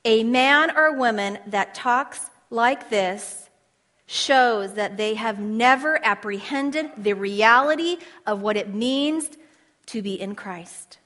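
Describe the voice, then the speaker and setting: A woman preaching to a room of women, her voice pitched a little high. She talks with fervent passion, rising into loud declarations and then dropping to hushed asides, and asks her audience questions. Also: takes it slowly, big-room sound. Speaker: women's Bible teacher. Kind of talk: passionate sermon.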